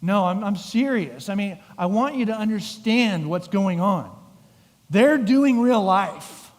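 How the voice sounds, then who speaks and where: Animated pastor preaching in a reverberant church. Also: male voice, high voice, measured pace. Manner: animated storytelling with acted-out voices. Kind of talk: sermon. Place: church sanctuary. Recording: long hall reverb.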